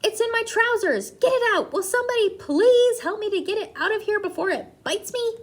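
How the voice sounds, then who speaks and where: A woman voicing a panicking male kitchen cook, yelling in a shrill, frantic voice. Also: wildly swooping pitch, a little fast, heavily acted. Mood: panicked.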